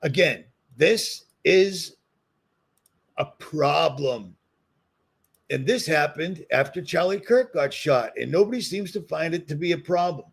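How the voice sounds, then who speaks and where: A man's voice: on the high side, animated, unhurried, gravelly, breathy edge. A man with a Boston accent, ranting heatedly in a solo commentary video and repeating his points for emphasis. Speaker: commentary vlogger.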